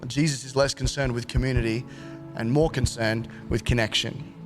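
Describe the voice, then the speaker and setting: Pastor preaching a casual, jokey sermon. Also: male voice, medium pitch, steady tone, over music. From Australia. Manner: conversational and jokey, acts out quick quoted exchanges.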